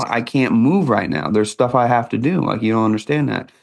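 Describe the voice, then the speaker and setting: A man's voice: medium pitch, brisk, gravelly. A middle-aged man, hosting a podcast interview and telling stories in a folksy, conversational way. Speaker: podcast host.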